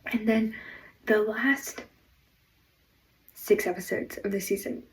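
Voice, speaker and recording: A woman delivering an excited, rambling fan rant, full of fillers, on a personal mic. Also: on the high side, takes it slowly, distant mic, rough recording. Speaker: fan vlogger.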